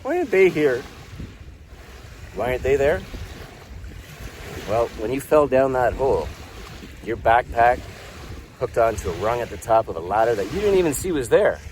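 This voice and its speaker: A man telling a story in a low-key, soft-spoken way while out on a walk by a lake. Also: lively intonation, moderate pace, long pauses, slight background noise, rough recording. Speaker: peer support vlogger. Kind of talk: storytelling to camera. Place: outdoors by a lake.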